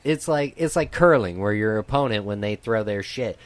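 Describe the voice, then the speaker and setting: A man's voice: lowish voice, animated, moderate pace. A young man in casual chat, rambling and swearing as he searches for words to explain a sport.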